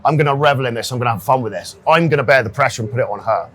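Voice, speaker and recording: Guy dating coach talking fast, blunt, swears a lot, keeps saying right. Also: medium pitch, fairly bright tone. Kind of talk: casual podcast chat.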